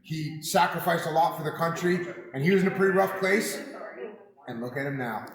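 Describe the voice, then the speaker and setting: A man giving a direct, brisk thank-you message. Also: fairly high pitch, reverberant, crowd noise, poor audio. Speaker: guest giving a video message.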